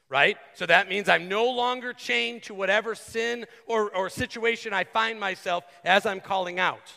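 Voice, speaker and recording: Male pastor, high gravelly voice, earnest sermon delivery, conversational asides, long church reverb. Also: normal speed, hardly any pauses, bright, forceful tone. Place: church sanctuary.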